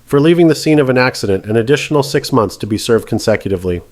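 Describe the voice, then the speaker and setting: A man voicing a stern judge who speaks in a calm, measured, precise way. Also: mid-range voice, no echo, lightly acted. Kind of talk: scripted narration.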